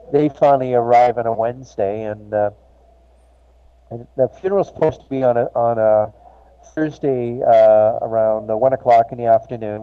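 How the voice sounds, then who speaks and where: A grieving man tells a personal story in an interview, halting and restarting often. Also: medium pitch, a little hiss or hum. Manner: halting, many restarts and fillers. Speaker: guest. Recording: slightly muffled with faint ambience.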